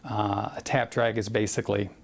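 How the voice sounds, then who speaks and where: A man teaching a drum exercise in a relaxed way, talking it through with many fillers and counting beats aloud. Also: fairly low pitch, moderate pace, gravelly, very noisy. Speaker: drum instructor. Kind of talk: casual drum lesson with counting.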